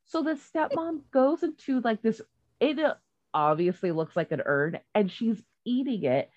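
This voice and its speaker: A woman's voice: on the high side, expressive, moderate pace, a little mellow, no echo, dull audio. A woman retelling a story in casual chat, rambling and swearing freely, with many fillers and restarts.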